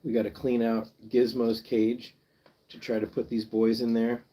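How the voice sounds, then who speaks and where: A man's voice: mid-range voice, little pitch movement, moderate pace, warm tone, breathy edge. A man chatting casually with viewers on a pet rescue livestream, playful and joking, sounding out foreign words for the chat. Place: home.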